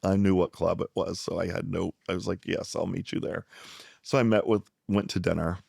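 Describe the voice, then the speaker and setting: A man's voice: low voice, fairly quick, creaky, breathy edge, no echo, studio quality. A middle-aged man from South Texas, a psychiatrist guest, telling a story in conversation and acting out the people he quotes. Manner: animated storyteller who acts out the people he quotes.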